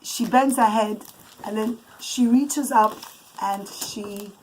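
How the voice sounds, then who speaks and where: A woman telling a bedtime story to children with puppets, pausing now and then to settle the kids. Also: medium pitch, a little mellow, a little hiss or hum, low-quality recording.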